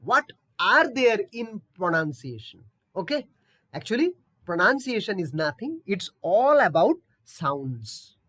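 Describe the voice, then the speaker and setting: A woman teaching English pronunciation, speaking slowly and with a lot of melody. She repeats every word patiently and keeps checking in with her learners. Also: mid-range voice, sing-song, fairly bright tone. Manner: patient, repetitive, checks in with "okay?". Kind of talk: online pronunciation lesson.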